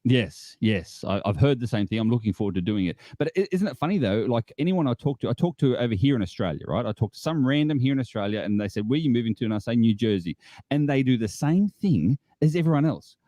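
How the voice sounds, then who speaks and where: Jokey man with a lively voice. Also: medium pitch, fast, dry recording, clean studio sound. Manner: jokey, laughs often. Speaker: podcast co-host. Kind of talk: casual podcast chat.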